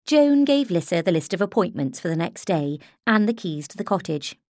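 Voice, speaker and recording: Woman audiobook narrator, unhurried and expressive, lower voice, dry close sound. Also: no room sound. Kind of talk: scripted narration.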